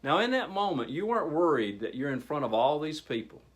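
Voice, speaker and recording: A man leading a workshop on handling speaking anxiety, addressing a group and pausing for effect. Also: fairly high pitch. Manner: animated, addressing a group, with pauses. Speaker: training facilitator. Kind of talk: public speaking workshop presentation.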